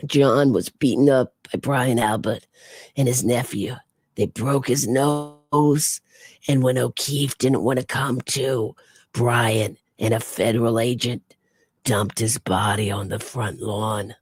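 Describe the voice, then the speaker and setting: A woman voicing a gravelly-voiced male tipster with a New York accent, delivering a blunt phone tip-off. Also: rumbling low, fairly even intonation, slow, darkish tone, pitched below the performer's own voice, exaggerated voice.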